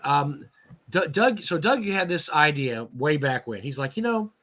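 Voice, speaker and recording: A man's voice: fairly high pitch, expressive, moderate pace, sharp tone. A man in casual live-stream chat about running a convention, jokey and prone to laughing and restarting sentences. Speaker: convention organizer on panel.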